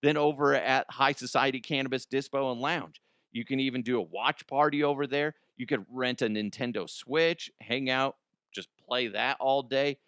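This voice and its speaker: A man hosting a comedy news podcast, switching between ad reads and playful, sarcastic riffs. His voice is smooth and mid-pitched. It is recorded close, in a dry room. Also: fairly even intonation, moderate pace, a bit bright, no room sound. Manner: playful, sarcastic, jokey asides. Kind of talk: comedic ad read and news riffing.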